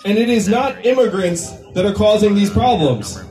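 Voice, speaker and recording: A man's voice: high voice, big pitch swings, moderate pace, dark tone, echoey room, soft background music. A man, a presidential candidate, giving a campaign rally speech in a conversational, joking way with the crowd. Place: political rally venue. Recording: distant mic at a rally.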